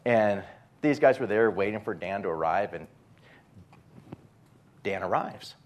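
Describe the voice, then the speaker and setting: A man's voice: on the low side, expressive, unhurried. A male pastor preaching a sermon in a conversational storytelling way, acting out the quotes.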